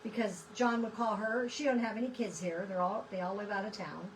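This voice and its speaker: A woman talks casually as she works on a craft project, wandering off into stories and restarting her sentences. She sits some way back from the microphone, so her voice sounds slightly distant. Her pitch sits in a middle range. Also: fairly even intonation, brisk, a little hiss or hum. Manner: rambling, chatty, with frequent restarts. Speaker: craft vlogger. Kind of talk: casual chat while crafting. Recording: voice picked up from a distance.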